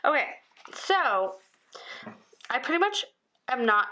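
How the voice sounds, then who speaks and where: A tired woman in her thirties chatting casually as she fills in a planner, rambling and dropping into soft asides under her breath. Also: sits high, sing-song, slow, slight background noise. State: tired, yawning. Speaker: planner vlogger. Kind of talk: casual chat while planning.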